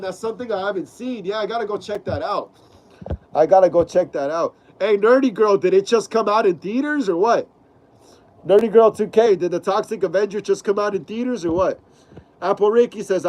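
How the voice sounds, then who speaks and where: A young man with a voice that sits high hosts a casual live stream, reading viewer comments aloud. He uses laid-back slang and lots of fillers, and the recording is rough.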